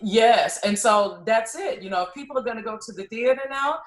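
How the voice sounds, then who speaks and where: A woman opera singer, a guest in a casual conversation, telling stories in an animated way with lots of "you know.". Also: on the high side, a little fast. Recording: roomy echo.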